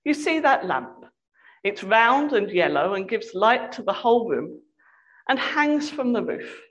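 A woman's voice: on the high side, big pitch swings, measured pace, highs cut off, pitched above the performer's own voice. A woman doing a cold, formal young prince. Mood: cold polite. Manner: cold and polite.

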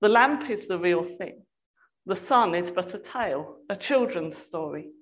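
A woman voicing a soft-spoken, coaxing enchantress queen in a hushed, cooing tone. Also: on the low side, lively intonation, measured pace, muffled recording. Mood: soothing scornful.

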